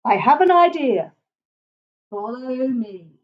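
A woman's voice: high-pitched, expressive, slow, muffled recording. A woman voicing a vain male warthog who grunts and speaks in a pompous, self-admiring way. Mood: scheming.

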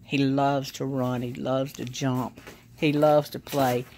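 A woman's voice: rumbling low, flat delivery, slow, warm tone, slight background noise. A woman, filming her dog at home on a phone and calling out bubbly sing-song commands and praise. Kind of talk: casual home video chat. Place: living room at home, on a sofa. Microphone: phone camera.

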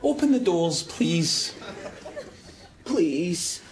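An actor with a Scottish accent playing an exasperated man trapped in a lift, sardonic and quick to shout. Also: fairly high pitch, big pitch swings, over a noisy crowd, full character voice. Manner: sardonic, escalating into furious shouting. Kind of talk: sketch comedy acting. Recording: studio audience laughter over background noise.

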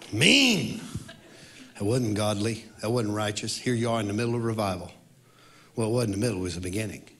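A man who is a worship leader, telling a story in a sermon and swinging between loud outbursts and quiet reflection. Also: on the low side.

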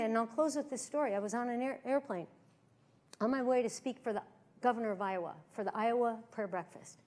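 High pitched lady preacher, animated church sermon, hushed then loud storytelling. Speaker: guest preacher and pastor. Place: church service.

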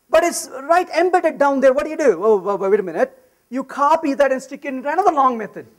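A man giving a technical talk at a conference, his voice high and bouncing all over the place. He jokes with the audience and keeps checking in with a quick "right?". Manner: animated and joking, repeats "right?". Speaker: conference speaker.

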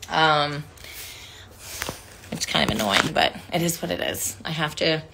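A woman in her forties talks slowly and casually into a phone livestream, sounding tired. Her voice sits a little low. She reads fan cards aloud with lots of "like" and small fillers. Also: animated, background noise. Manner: reading fan cards aloud, chatty with frequent "like". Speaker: actress thanking fans on a livestream. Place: indoor room with couches.

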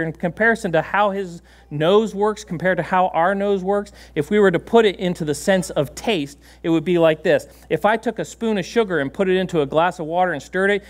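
A man preaching a sermon in a church, animated and laughing often, giving commands to a dog on stage. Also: sits high, fairly quick, hardly any pauses. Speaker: pastor. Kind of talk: sermon with a live dog demonstration. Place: church sanctuary.

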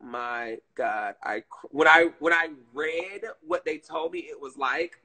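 A man's voice: on the high side, wildly swooping pitch, measured pace, gravelly, sharp tone, low-quality recording. A man chatting casually with viewers on a live stream, telling stories in a rambling, emotive way.

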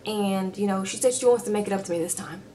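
A woman voicing a lovesick grown man in a low, earnest mumble. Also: fast talker, mellow, a little hiss or hum, close to an everyday voice.

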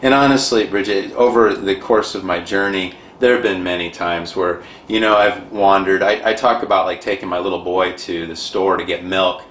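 A man with a somewhat low voice tells a personal story with animated, dramatic energy. His voice rings in an echoey room. A faint noise sits under the recording. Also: moderate pace, few pauses. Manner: animated, self-described dramatic. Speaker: guest.

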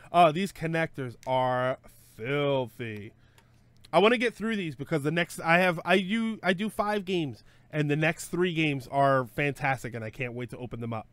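A man with a slightly raised pitch chats casually on a live stream, rambling and joking as he thinks aloud. He trips over his words, restarts sentences and fills gaps with "uh" and "um". The sound is dry and close, with no room around it. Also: expressive, a little slow, a bit bright, dry recording. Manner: self-correcting with frequent fillers. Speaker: streamer host.

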